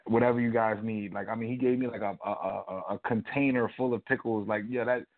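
Low-voiced man rambling through a story. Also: fairly quick. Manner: rambling, animated anecdote telling with many fillers. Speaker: co-host. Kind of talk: casual storytelling chat. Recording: tinny phone-like audio.

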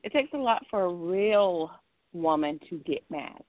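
A woman's voice: fairly low pitch, expressive, unhurried, dry recording. A woman calls in over a tinny phone line, talking in a casual discussion. She explains at length, emphatic and rambling, circling back and repeating herself. The room is dry and close. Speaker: caller.

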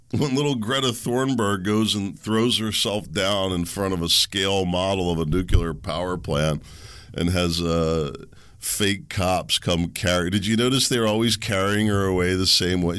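A man's voice: low voice, fairly bright tone, dry recording. A middle-aged man hosting a solo podcast, rambling and ranting sarcastically, chuckling at his own asides. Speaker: podcast host.

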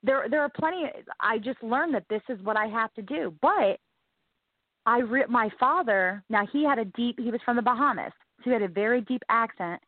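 A woman's voice: a little high, normal speed, no room sound. A woman guest from the American South telling her own life story in an interview, earnest and emphatic, often repeating herself. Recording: tinny phone-like line.

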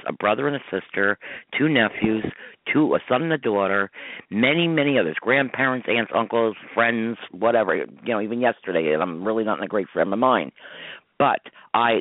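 A middle-aged man hosts a call-in radio show, his voice on the low side as he talks in an emphatic, rambling, upset way. He comes through a narrow, tinny phone line. The sound is dry, with no room around it. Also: dry recording. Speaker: radio show host, psychic medium.

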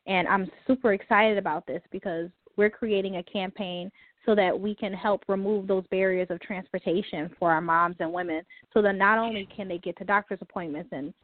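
A woman's voice: medium pitch, steady tone, brisk, no room sound. A woman guest in an interview, speaking passionately and persuasively, often saying "you know". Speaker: guest, community founder. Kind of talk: casual interview chat. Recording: dry, tinny phone-like line.

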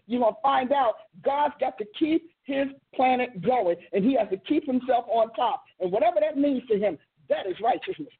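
A woman teaches scripture in a high, husky voice, telling the story with emphatic, stretched-out stresses. She hosts a ministry show. The sound is narrow and tinny, like a phone call. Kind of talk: teaching sermon.

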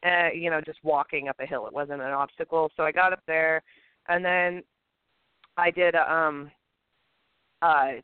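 A woman co-hosting a podcast, telling a personal story in a casual, animated way and acting out the people in it. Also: low voice, measured pace, pauses often, clean tone, dry recording. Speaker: podcast co-host. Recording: tinny phone-line sound.

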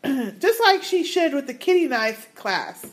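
High, lively woman podcast host. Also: measured pace. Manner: reads emails aloud with asides and laughs. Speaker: podcast co-host reading listener emails. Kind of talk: casual podcast chat.

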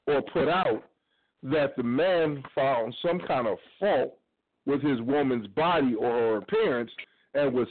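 A middle-aged man, co-host of a talk radio show, arguing his opinion emphatically and pushing on through interruptions. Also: medium pitch. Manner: emphatic, argumentative, keeps talking over interruptions. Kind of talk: opinionated casual debate. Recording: tinny phone-line audio.

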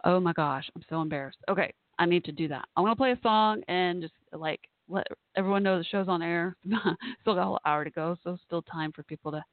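A woman's voice: fairly low pitch, brisk, dry recording. A woman hosting a live podcast alone, chatting casually and rambling, laughing often. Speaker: podcast host. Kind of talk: casual solo talk. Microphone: phone call-in line. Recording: tinny phone line.

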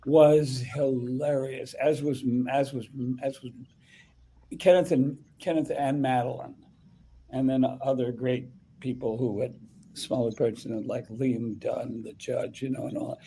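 A man's voice: mid-range voice, fairly even intonation, warm tone, breathy edge, poor audio. An older man being interviewed as a guest actor, telling a story in a rambling way full of restarts. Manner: rambling, halting recollection with many restarts. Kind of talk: conversational interview.

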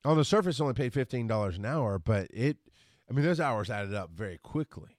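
A man hosting a solo podcast, ranting with frustration and profanity, rushing his words and then reining himself in. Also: medium pitch, animated, no echo, clean studio sound. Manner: frustrated, profane, talks fast then slows down. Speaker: podcast host.

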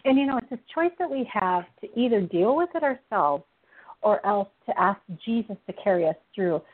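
A woman's voice: medium pitch, expressive, normal speed. A woman hosting a Christian talk show, telling personal stories earnestly and with animation, often laughing. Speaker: radio show host. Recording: tinny phone-like sound.

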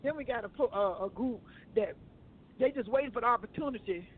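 A man co-hosting a casual talk show, telling stories in an animated way and repeating himself. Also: extremely high pitch, brisk, a little hiss or hum. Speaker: co-host. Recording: tinny phone-like line.

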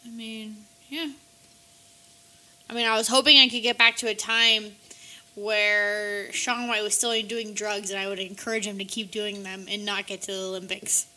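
A woman's voice: medium pitch, little pitch movement, normal speed, bright, forceful tone. A woman guest on a comedy talk show, rambling in casual chat and swearing a lot. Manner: crude, rambling, heavy swearing.

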